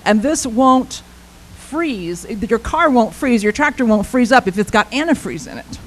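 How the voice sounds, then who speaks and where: A kindly, patient school custodian coaxes a child along in a soft, tender voice, as a woman tells it. His manner is unhurried and gentle throughout. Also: on the high side, expressive, low-quality recording.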